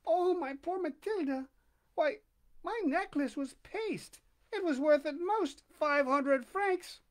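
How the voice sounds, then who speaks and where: A man voicing a young, charming, astonished woman in a read-aloud story, speaking in a high, exclaiming voice. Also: slow pace. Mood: shocked pity. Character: Madame Forestier, still young and charming, astonished.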